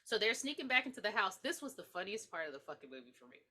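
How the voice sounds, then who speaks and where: A woman co-hosting a podcast, excitably acting out movie scenes and laughing as she recaps in casual chat. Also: medium pitch, fast talker. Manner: giggly, excitable, acts out scenes. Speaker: podcast co-host.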